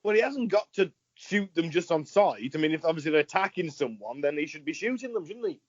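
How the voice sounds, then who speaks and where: Male co-host, slightly high voice, crude teasing banter, dry muffled mic. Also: expressive, fairly quick, no echo. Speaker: podcast co-host. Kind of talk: casual banter.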